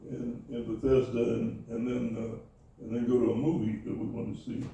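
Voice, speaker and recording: Older man in an echoey room, halting. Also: mid-range voice, level tone, warm tone, recorded from a distance. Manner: halting, many fillers and restarts. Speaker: interviewee, Navy veteran. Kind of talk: oral history interview.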